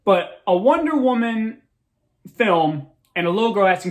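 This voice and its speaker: A young man hosting his own movie review show, gushing and complaining in one long excited ramble. His voice sits high and swings widely up and down as he trips over his words and starts sentences over. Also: a little slow. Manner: excited, rambling, restarts a lot. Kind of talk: casual movie review monologue.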